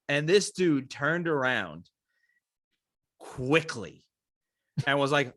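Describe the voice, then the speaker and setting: A man's voice: mid-range voice, big pitch swings, slow pace, long pauses, fairly bright tone, no room sound. A man co-hosting a podcast, chatting casually about a film and cracking dry jokes. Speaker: podcast co-host.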